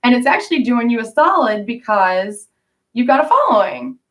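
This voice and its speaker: A woman voicing a chatty, eager fellow female inmate who is her fan, in a raised, excited voice. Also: on the high side, moderate pace, far from the mic. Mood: gushing.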